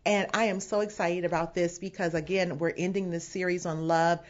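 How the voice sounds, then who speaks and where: A woman pastor preaching from home with a low, grounded voice. She teaches in a conversational way and acts out quoted lines with emphasis. The recording has a dull, lo-fi sound. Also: fairly even intonation, a little fast. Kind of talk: sermon. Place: home setting away from the sanctuary.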